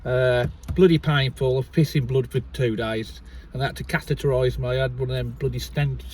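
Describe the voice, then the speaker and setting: A man's voice: medium pitch, steady tone, fairly quick, darkish tone, recorded from a distance, slight background noise. A man telling a long story in casual chat, rambling and swearing freely, recorded inside a car. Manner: rambling, keeps restarting with "so anyway". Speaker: vlogger.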